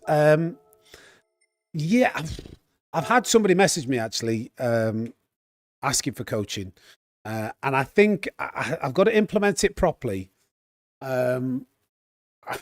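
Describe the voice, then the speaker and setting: A man chats casually on a live stream, reading chat messages aloud and often restarting his sentences amid plenty of fillers. His voice is medium in pitch, recorded at studio quality without echo.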